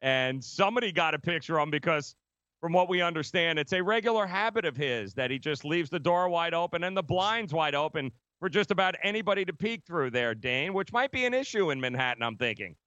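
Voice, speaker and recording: A man's voice: fairly high pitch, expressive, fairly quick, bright, forceful tone, no echo, dull audio. A man hosting a sports radio show, telling a gossip story in casual chat with lots of fillers.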